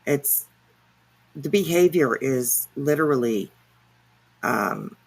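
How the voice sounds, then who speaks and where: A woman's voice: extremely low pitch, animated, takes it slowly, gravelly, slightly rough. A woman hosting a casual reaction livestream, rambling and sarcastic with lots of fillers and swearing. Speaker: livestream commentary host.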